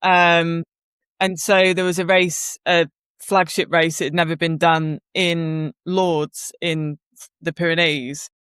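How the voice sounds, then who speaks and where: A woman's voice: fairly low pitch, flat delivery, slow pace, fairly bright tone, clean tone, no echo, clean studio sound. A woman co-hosting a podcast who tells stories in an easygoing, curious way and thinks aloud as she goes. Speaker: podcast co-host. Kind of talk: casual chat.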